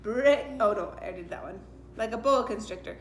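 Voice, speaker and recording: A woman's voice: medium pitch, lively intonation, moderate pace, reverberant, a little hiss or hum. A woman reading picture books aloud to preschool children in a sing-song, playful way. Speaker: preschool story-time reader.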